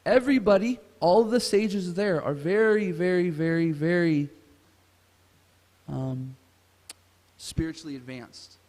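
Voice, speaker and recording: Male class speaker, somewhat high voice, storytelling scripture class, long hall reverb. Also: a little slow, a little mellow. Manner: asks the audience questions. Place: temple hall.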